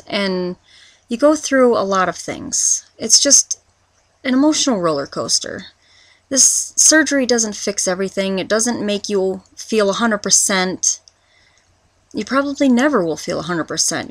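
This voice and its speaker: A woman in her twenties talking through a confessional personal vlog, rambling and halting, with many restarts as she searches for words. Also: medium pitch, no room sound. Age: 20s. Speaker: vlogger.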